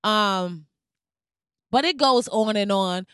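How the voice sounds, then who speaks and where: A woman tears into her subject in a blunt, profane rant, her sarcasm sharp and heated. Her voice is smooth and clear, close and dry with no room around it, at a middling pitch. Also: slow pace, no room sound. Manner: heated, sarcastic, heavy swearing. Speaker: vlogger.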